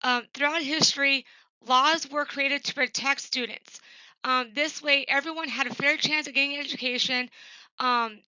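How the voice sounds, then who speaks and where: A woman's voice: sits high, fairly even intonation, normal speed, bright, forceful tone, no echo, dull audio. A woman giving a recorded class presentation for her professor. She talks plainly and earnestly, with frequent ums and uhs. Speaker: student presenting an assignment.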